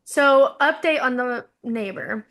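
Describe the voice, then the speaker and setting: A woman's voice: high-pitched, slow pace, fairly bright tone. A woman co-hosting a podcast, telling a long story in casual chat, rambling with fillers and acting out quoted dialogue. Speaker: podcast co-host.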